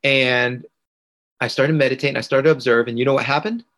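His voice is mid-range and a bit bright, with fairly even intonation and a brisk delivery. This podcast guest, an integration coach, earnestly shares a personal story and repeats phrases to emphasize them.

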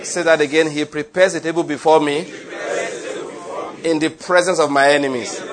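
A man's voice: fairly high pitch, steady tone, moderate pace, crowd noise. A man preaching, leading his congregation in emphatic, repeated call-and-response declarations. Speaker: pastor. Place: church with congregation. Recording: congregation audible behind.

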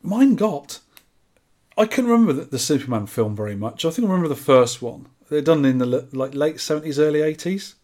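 A man co-hosting a podcast in casual chat, quick and jokey banter. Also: a little high, animated, darkish tone. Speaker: podcast co-host.

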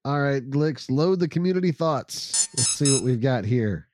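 A man's voice: mid-range voice, expressive, moderate pace, a little mellow, soft background music. A man co-hosting a casual podcast, reading listener comments aloud and laughing often. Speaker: podcast co-host.

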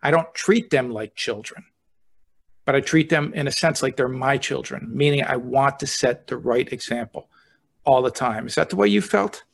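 A man's voice: mid-range voice, moderate pace, vocal fry. Earnest man telling a story. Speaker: deputy fire chief, co-host. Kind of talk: casual podcast conversation.

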